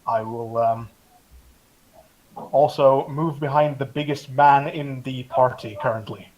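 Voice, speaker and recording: Brief: male player, mid voice, halting, lots of ums, muffled lo-fi sound. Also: medium pitch, steady tone, darkish tone. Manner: hesitant, many ums. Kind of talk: playing a tabletop game over voice chat. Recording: dull lo-fi mic.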